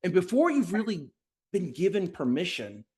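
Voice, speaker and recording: A man being interviewed on a podcast, speaking directly and energetically, often acting out quick bits of sales dialogue. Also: high-pitched, sing-song, darkish tone, breathy edge. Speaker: podcast guest, sales leader. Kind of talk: conversational interview.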